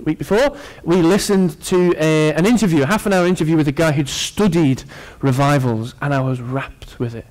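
Male preacher, slightly higher voice, sermon delivery, earnest with joking asides to the congregation. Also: moderate pace, hardly any pauses, darkish tone.

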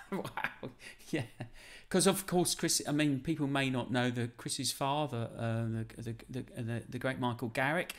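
A man's voice: medium pitch, unhurried. A man hosting a casual live-streamed interview, chatty and full of fillers, often addressing his viewers. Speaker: host.

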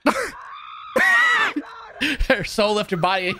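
A man's voice: sits high, slow, raised voice, crowd noise. A man hosting a video reaction show, chatting casually, laughing often and using loose slang. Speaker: YouTube host reacting to videos.

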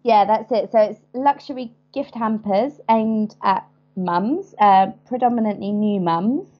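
A woman in her thirties with a southern English accent talks casually over a slightly muffled remote call, her pitch sitting mid-range. She meanders through her answers, pausing often with ums and small restarts. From England. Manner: chatty, hesitant with many ums. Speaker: guest, business founder. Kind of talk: casual interview.

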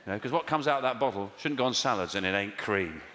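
A middle-aged man doing a stand-up comedy routine, sardonic and wry, recorded live in a venue. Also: quick pace. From England. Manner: wry, sardonic delivery with lively swings in pitch. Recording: reverberant live venue with faint audience noise.

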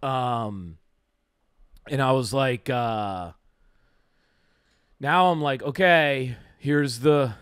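A man's voice: medium pitch, drawn-out words, long pauses, fairly bright tone, smooth, no echo, studio quality. A man co-hosting a comedy podcast, telling a rambling story full of fillers and acting out the lines he quotes.

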